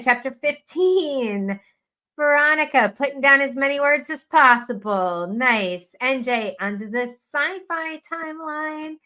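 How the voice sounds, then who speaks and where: A woman's voice: a little high, pushed and bright. A woman hosting a live writing sprint stream, chatting casually and self-deprecatingly as she reads out viewers' updates.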